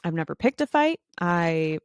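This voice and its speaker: Woman, podcast host, casual storytelling, animated, quick voice shifts, dry close sound. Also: on the low side, clean tone, no echo. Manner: chatty with frequent fillers and laughs.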